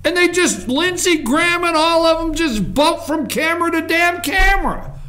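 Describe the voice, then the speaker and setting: A man's voice: very high voice, normal speed, bright, forceful tone, faint music behind. A man hosting a political commentary show, ranting sarcastically and mocking people's voices.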